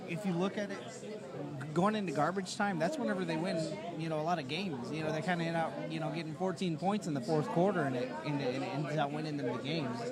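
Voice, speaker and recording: Eager male co-host with a slightly high voice, live at a sports bar over loud crowd noise. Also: fast. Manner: eager, rambling, many restarts. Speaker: fantasy football podcast co-host. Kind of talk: casual live sports chat.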